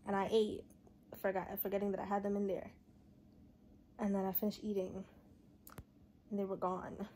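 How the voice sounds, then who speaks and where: A woman's voice: mid-range voice, little pitch movement, moderate pace, mellow, slight background noise. A young woman talking casually to camera about her days, blunt, slangy and swearing a lot. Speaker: vlogger. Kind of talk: casual vlog talk to camera. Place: at home.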